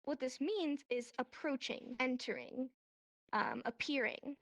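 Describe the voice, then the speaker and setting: A woman teaching a sign language class online, explaining with lively acted-out examples. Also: sits high, measured pace, no room sound. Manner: animated, acts out examples in voices. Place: VR chat room.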